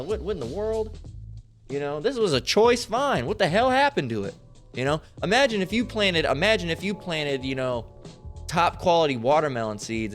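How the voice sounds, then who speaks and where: A man's voice: fairly high pitch, fairly bright tone. A man giving rambling scripture commentary, profane and emphatic, with many restarts and tag questions. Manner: profane, emphatic, full of restarts and "all right?". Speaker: religious commentator.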